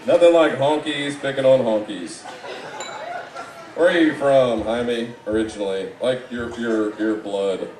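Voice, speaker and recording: A man delivering a live comedy roast set in a mocking, rambling way, with sudden loud outbursts. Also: mid-range voice, measured pace, a little hiss or hum. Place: live event room. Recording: echoey room, distant mic, audible background.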